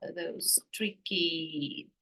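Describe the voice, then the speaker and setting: A woman co-teaches a casual lesson, repeating words back and adding short notes. Her voice is lowish and a little husky. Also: fairly even intonation, drawn-out words, bright, forceful tone, poor audio. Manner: repeats words back, brief agreeing replies.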